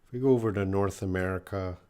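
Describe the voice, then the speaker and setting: Guy running a live english q&a, slightly low voice, reads out questions then answers them, lots of "uh" and "i think". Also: fast talker, warm tone, smooth. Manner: thinks aloud with hedges and fillers. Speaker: English teacher.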